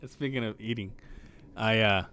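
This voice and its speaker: Speaking slowly in a fairly low voice, this man in his forties co-hosts a laid-back podcast. His stories come loaded with profanity, and he animatedly acts out each person he describes.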